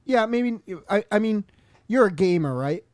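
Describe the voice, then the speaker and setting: A man's voice: high voice, lively intonation, normal speed, darkish tone, dry recording. A man on a podcast chatting casually about movies, rambling and hesitant with lots of filler words. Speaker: podcast co-host. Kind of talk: casual film review chat.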